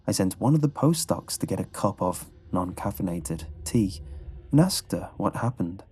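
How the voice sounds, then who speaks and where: A man giving scripted horror narration in a low, measured storytelling manner. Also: darkish tone, slightly rough. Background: faint background music.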